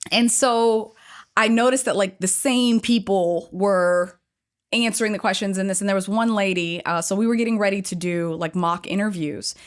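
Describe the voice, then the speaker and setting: A woman tells a story from one of her workshops, speaking in a relaxed, conversational way. Her voice sits in an ordinary middle range. She keeps slipping into little acted-out quotes, raising and lowering her tone as she plays each person. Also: moderate pace. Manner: animated, acts out quoted voices. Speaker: guest.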